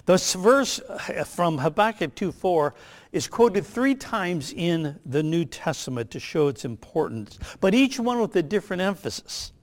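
An older male pastor preaches in a slightly raised voice. He lands key phrases slowly and with emphasis, measured throughout. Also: sits high, very animated. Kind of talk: sermon.

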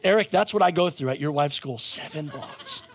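A man's voice: on the high side, quick pace, creaky. A male pastor giving a conversational sermon, telling a story with jokey asides and frequent restarts.

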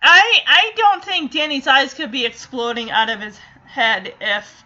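A woman's voice: high-pitched, unhurried, pushed and bright. A woman casually recapping a sitcom episode, animatedly acting out the characters' lines and laughing as she goes. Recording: dull lo-fi sound.

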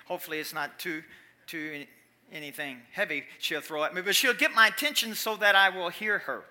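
A man preaching a sermon in church, animated, swinging from quiet asides to loud emphatic calls. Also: fairly high pitch. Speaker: pastor.

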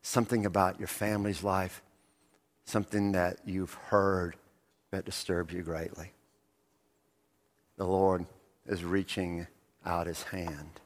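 A man's voice: sits low, flat delivery, slow, long pauses. A male pastor preaching a sermon, telling the story vividly and asking rhetorical questions of the congregation. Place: church sanctuary. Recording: long reverb of a church hall.

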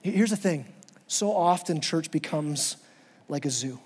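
A man's voice: on the high side, expressive, measured pace, darkish tone, slightly rough, big-room sound. A man preaching a sermon as pastor, impassioned and repeating words as he builds his points. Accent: Southern American.

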